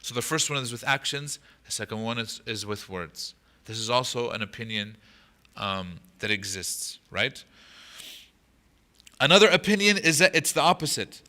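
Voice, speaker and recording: A man's voice: medium pitch, lively intonation, normal speed, bright, forceful tone. A man teaching a mosque class on a Quran chapter, explaining patiently, asking the audience questions and reciting short Arabic passages. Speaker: imam teaching Quran commentary. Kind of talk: lecture to an audience.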